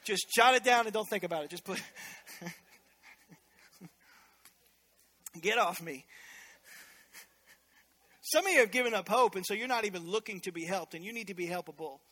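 A man preaches as pastor of a church, a little fast and high in pitch, his delivery spirited and chatty with the occasional joke on the side.

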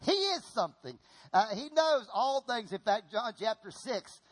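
Animated high-voiced male preacher. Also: unhurried. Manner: animated preaching, repeats himself, asks the congregation to respond. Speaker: pastor. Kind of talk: sermon.

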